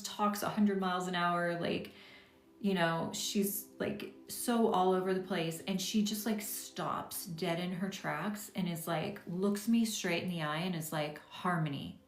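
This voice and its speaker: A woman's voice: fairly low pitch, echoey room. A woman hosting a witchcraft livestream, telling a story in a rambling, casual way with many fillers and restarts. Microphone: phone or webcam on a live stream.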